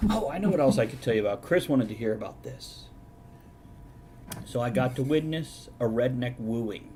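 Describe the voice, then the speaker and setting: A man's voice: medium pitch, expressive, moderate pace, a crowd in the background. A man hosting a live-streamed chat show, telling stories with dry sarcasm. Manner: sarcastic, mock-documentary storytelling. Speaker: host.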